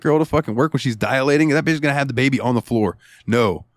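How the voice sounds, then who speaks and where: A man's voice: medium pitch, fast, few pauses, dry recording, clean studio sound. A man co-hosting a gaming podcast, telling rambling, profane stories in casual chat. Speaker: podcast co-host.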